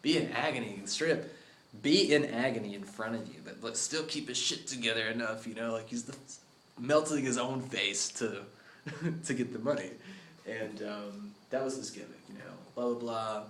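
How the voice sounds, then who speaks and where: A man casually pitching a story idea in a studio, rambling, cursing and laughing often. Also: moderate pace, a bit bright, reverberant, a little hiss or hum.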